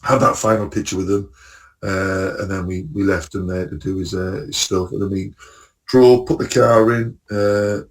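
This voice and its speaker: A man with a fairly low voice chats casually on a podcast, telling a long travel story. He rambles, restarts and laughs at his own jokes. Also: steady tone, moderate pace, recorded from a distance. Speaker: podcast co-host. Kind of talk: casual chat, travel anecdotes.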